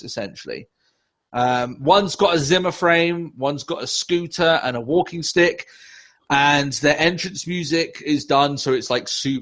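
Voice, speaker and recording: A man co-hosting a casual podcast, ranting with lots of swearing and sarcasm. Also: mid-range voice. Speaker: podcast co-host.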